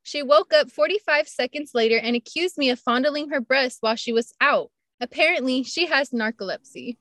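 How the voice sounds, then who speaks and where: A young woman co-hosting a podcast, chatting casually and reading stories aloud, giggly, excitable and swearing freely. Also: high-pitched, normal speed, dry recording. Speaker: podcast co-host.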